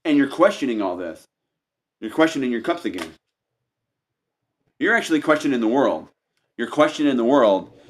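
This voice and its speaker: A man's voice: medium pitch, very animated, moderate pace, pauses often. Guy doing a tarot reading, loops back and repeats himself a lot, talks right at you. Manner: repetitive, meandering, restarts phrases often; addresses the listener directly as "you". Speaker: tarot reader.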